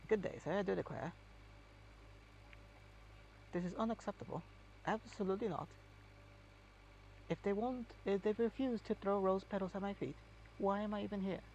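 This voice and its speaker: A man doing a haughty upper-class gentleman, pitched well above his own gravelly voice. He sounds affected and indignant, with a faint hum underneath. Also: moderate pace, pauses often, muffled recording.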